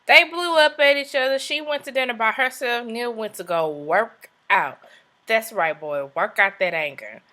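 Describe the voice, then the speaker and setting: Young woman, chatty and sassy recap host; bright tone, slightly high pitch. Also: moderate pace. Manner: chatty, sassy asides, acts out quotes. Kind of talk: casual recap commentary.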